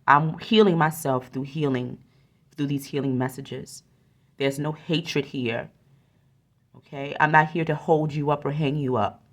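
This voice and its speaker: A woman with a notably deep, low-pitched voice talks through an oracle card reading into a close microphone. She is earnest and encouraging, and she often circles back to repeat her phrases. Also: fairly even intonation, a little slow. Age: adult with a young son.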